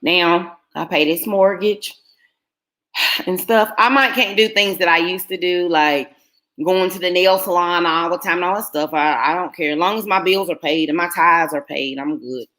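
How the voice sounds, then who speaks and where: A woman's voice: on the low side, normal speed, fairly bright tone. A middle-aged woman, telling a personal story to her viewers in an earnest, emotional way. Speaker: vlogger.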